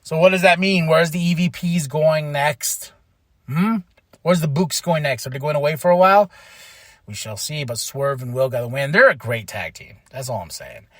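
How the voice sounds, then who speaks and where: A young man from Texas hosting a podcast, excitedly recapping wrestling matches in a loose, swearing, animated way. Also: on the high side, normal speed, dry recording, studio quality. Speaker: podcast host.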